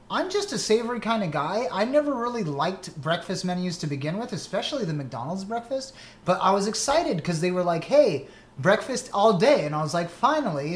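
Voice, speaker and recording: A man co-hosting a casual chat, ranting in an animated way with big jumps in his voice. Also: on the high side. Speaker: podcast co-host. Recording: echoey room with faint noise.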